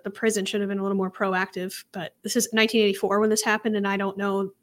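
Woman recounting a case casually. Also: fairly high pitch. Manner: relaxed recounting, some hesitations. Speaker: podcast co-host. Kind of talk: casual true crime discussion.

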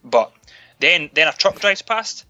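A Scottish man rants and jokes his way through a casual film-review chat, swearing freely. His voice sounds bright and forceful. The recording is slightly dull and lo-fi, with faint music underneath. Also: on the high side, a little slow. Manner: sweary, ranting, animated. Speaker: podcast co-host.

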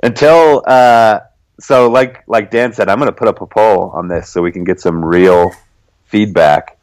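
A young man co-hosting a casual podcast, relaxed, laughing often and dotting his talk with fillers. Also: lowish voice, unhurried, no room sound, poor audio. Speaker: podcast co-host.

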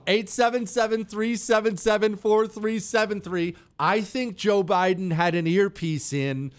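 A man hosting a talk radio show, joking about himself in an animated, self-mocking way. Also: high-pitched, normal speed, hardly any pauses, clean tone. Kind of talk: casual talk radio monologue. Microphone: studio headphones.

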